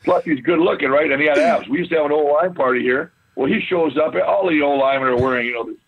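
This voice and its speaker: Husky ex-lineman on a tinny line. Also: fairly high pitch, fast talker. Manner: boisterous, swears freely. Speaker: guest, former pro football lineman. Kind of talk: casual storytelling.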